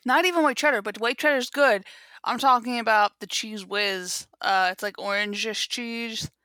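A woman's voice: a little high, normal speed, sharp tone, no room sound. A young woman co-hosting a casual chat, recapping a show with lots of "like" fillers. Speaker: podcast co-host.

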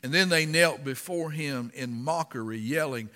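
A man preaching a sermon and reading scripture aloud, impassioned and dramatic, rising to loud emphasis. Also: fairly high pitch, moderate pace, long reverb tail.

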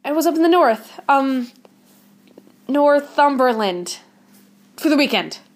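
A woman's voice: high-pitched, expressive, slow, heavily acted. An actress playing a flustered young female wardrobe assistant who stumbles over her words. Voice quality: flustered, apologetic.

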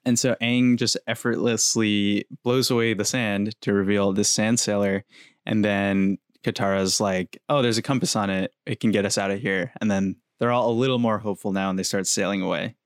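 Easygoing low-voiced young man recapping. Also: fairly even intonation, moderate pace, no echo, clean studio sound. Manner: easygoing, retells scenes with quoted lines. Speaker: podcast co-host. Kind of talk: casual recap narration.

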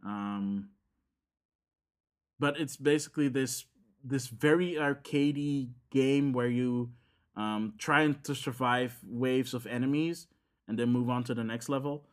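A man's voice: mid-range voice, takes it slowly. Rambling man. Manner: rambling with many fillers and restarts. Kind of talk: casual chat about games.

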